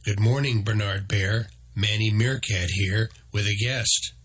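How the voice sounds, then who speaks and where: A man voicing a small, knowing male meerkat guide who talks in a calm, matter-of-fact way. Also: lowish voice, measured pace, slightly rough.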